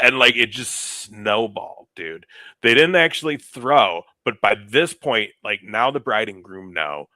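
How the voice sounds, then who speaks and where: A man's voice: on the low side, a little slow, dry recording. A young man casually telling a story on a podcast, acting out the people he quotes, on a close mic. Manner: animated, acts out quoted people. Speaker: podcast co-host.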